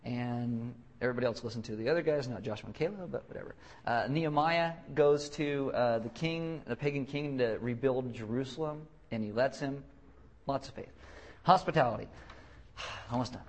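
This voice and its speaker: A young male pastor with a voice that sits in the middle, neither high nor low, preaching in a loose and joking way. He stumbles and repeats his words, and he slips into short put-on voices to poke fun at people. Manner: joking, self-deprecating, acts out quick voices; halting restarts and repeated words. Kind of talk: casual sermon teaching.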